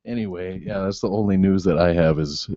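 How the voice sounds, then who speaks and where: A man's voice: sits low, dry recording, muffled recording. A man co-hosting a podcast in casual chat, rambling and laughing often. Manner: giggly, rambling, animated. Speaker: podcast co-host.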